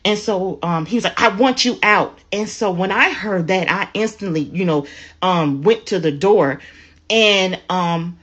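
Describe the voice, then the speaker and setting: A woman's voice: on the low side, a little slow, slightly rough. A woman casually telling a personal story, acting out the lines she and others said. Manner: animated retelling, acts out quotes. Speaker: hotel resident telling her story. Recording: dull lo-fi audio.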